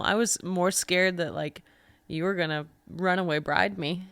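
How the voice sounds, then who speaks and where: A woman's voice: on the low side, measured pace, vocal fry, no room sound, studio quality. A young adult woman hosting a podcast, chatting casually and animatedly, with lots of "like". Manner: chatty, animated storytelling with frequent "like". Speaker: podcast host. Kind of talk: casual chat.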